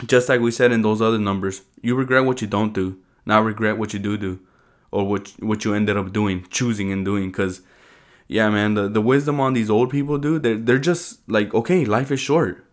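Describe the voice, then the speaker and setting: A man's voice: on the low side, fairly even intonation, moderate pace. A man on a podcast telling a long story in casual chat, rambling and slangy with lots of fillers.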